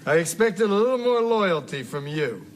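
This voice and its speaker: A man's voice: high-pitched, very animated, normal speed. A man on a podcast acting out a sitcom father's lines with mock-dramatic flair. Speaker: podcast co-host reenacting scenes. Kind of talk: comedic scene reenactment. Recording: loud background noise.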